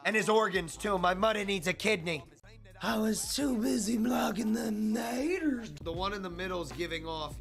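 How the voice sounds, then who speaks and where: A young man streaming, chatting crudely and jokingly, with sudden shouts. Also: high voice, normal speed, gravelly, soft background music. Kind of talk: casual comedic chat to a stream.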